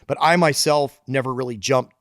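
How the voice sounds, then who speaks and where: A man's voice: medium pitch, normal speed, fairly bright tone, no room sound, clean studio sound. A man talking as a podcast guest, a loose storyteller who swears casually. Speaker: guest engineer and shop founder.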